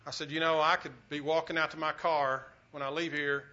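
Bright-voiced preacher, lo-fi. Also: male voice, a little high, flat delivery, fairly quick. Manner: earnest storytelling preacher, swells loud then drops quiet. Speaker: pastor. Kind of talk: sermon. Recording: dull lo-fi recording.

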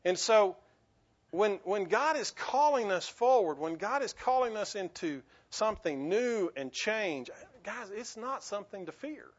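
A pastor with a twang delivers an earnest sermon in a notably high voice, circling back over his words before pushing into emphatic bursts. The recording sounds dull and somewhat lo-fi. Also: lively intonation, unhurried. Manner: earnest, repetitive restarts, rising to emphatic bursts.

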